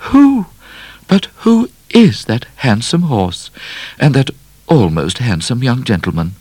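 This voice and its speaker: A man's voice: medium pitch, big pitch swings, slow, darkish tone, breathy edge, no room sound, voice pushed up, heavily acted. A man doing gushing society ladies. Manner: breathless, exclamatory.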